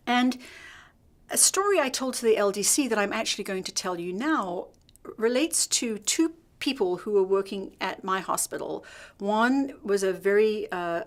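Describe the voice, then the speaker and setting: Woman, middle-aged, leadership trainer, storytelling lecture, animated delivery, average pitch. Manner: lively, acts out quoted dialogue. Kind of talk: storytelling workshop talk.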